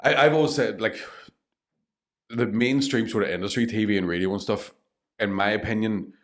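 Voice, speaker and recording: Fast-talking Northern Irish comedian, low voice. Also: male voice. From Northern Ireland. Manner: animated, swears freely, laughs through stories. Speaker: comedian guest. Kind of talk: casual storytelling.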